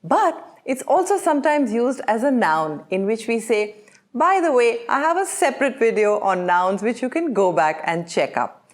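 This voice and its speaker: A young woman, teaching pronunciation to camera and saying each word slowly and clearly, over and over. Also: a little high, big pitch swings. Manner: clear, deliberate modelling of words, repeating each one slowly. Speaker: English teacher.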